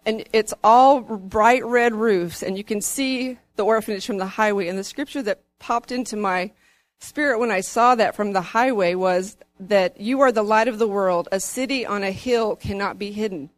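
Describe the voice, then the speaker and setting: A woman giving an earnest testimony in church, her voice rising as she grows excited. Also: mid-range voice, moderate pace, no echo.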